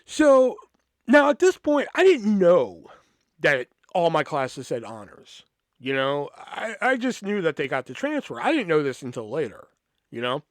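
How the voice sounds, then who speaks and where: A man's voice: fairly high pitch, measured pace, dry recording, clean studio sound. A man hosting a podcast, telling a story in a rambling, casual way with constant swearing and "you know" fillers, acting out the people he quotes. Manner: acts out quoted people in lively voices. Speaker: podcast host.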